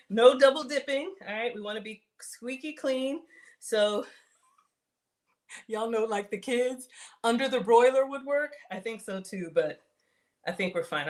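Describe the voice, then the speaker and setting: A woman chatting casually while hosting a live cooking stream, reading viewer comments aloud and laughing often. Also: on the high side. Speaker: livestream cooking host.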